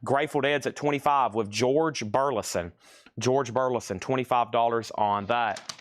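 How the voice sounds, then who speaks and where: A man runs a live vinyl sale, listing records and prices one after another. His voice sits in a middle pitch and sounds dry and close. He calls out bids with a steady "going once, going twice.". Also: normal speed, no echo. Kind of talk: live-stream record auction patter. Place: record shop.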